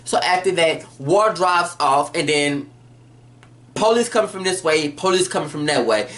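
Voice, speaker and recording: Blunt, animated woman recapping a TV drama. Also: low-pitched, normal speed. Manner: animated, blunt and profane, acts out scenes. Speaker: TV episode recap vlogger. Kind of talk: casual spoken TV recap.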